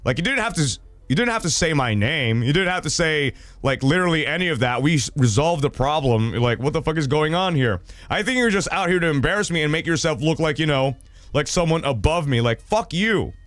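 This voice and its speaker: A young adult man hosting a casual livestream, reading viewer stories and reacting in an animated, rambling way with lots of fillers and swearing. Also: fairly high pitch, brisk, no echo.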